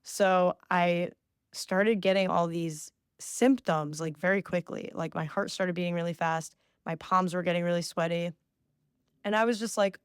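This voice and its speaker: Speaking at a normal speed, a woman hosts a casual solo podcast, sharing something from her own life with plenty of "like" and self-deprecating chatter. She's in her twenties, with a fairly low, clear, resonant voice recorded cleanly in a studio with no room sound.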